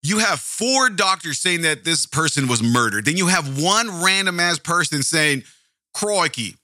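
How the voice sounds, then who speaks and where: A man's voice: on the high side, animated, moderate pace, sharp tone, dry recording, clean studio sound. A man hosting a casual true-crime podcast, rambling, interrupting himself and swearing casually. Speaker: podcast host.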